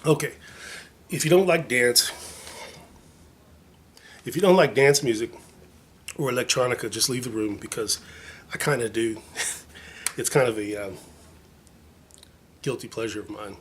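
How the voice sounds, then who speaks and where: A man's voice: medium pitch, unhurried, long pauses. Regular guy talking through his record haul, rambly and jokey, bit of faint noise in the background. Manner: rambling, chatty, self-mocking, many fillers. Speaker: vinyl collector vlogger. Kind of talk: casual show-and-tell chat.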